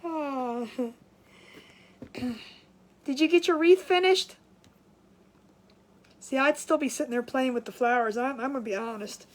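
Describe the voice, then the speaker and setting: A woman's voice: sits high, unhurried, long pauses. A woman from Maryland hosting a casual craft livestream, out of breath and chatting while greeting viewers by name. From Maryland, USA.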